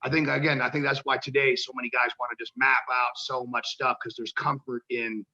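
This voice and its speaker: A man telling stories as an interview guest, animated and acting out the people he quotes, swearing casually, on a dull lo-fi recording. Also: mid-range voice, fairly quick. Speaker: guest, professional wrestler.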